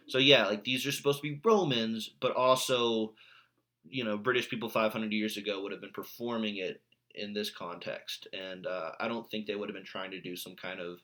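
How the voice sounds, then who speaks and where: A man's voice: fairly low pitch, sharp tone. A man recording a video lesson for his English class, talking in a casual, chatty way with mild sarcasm. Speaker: English teacher.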